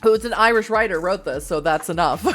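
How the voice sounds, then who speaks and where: A woman's voice: mid-range voice, brisk, a bit bright, faint music behind. A woman from Massachusetts reading an interactive novel aloud as a streamer, giggly and self-deprecating in her chat asides. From Massachusetts, USA.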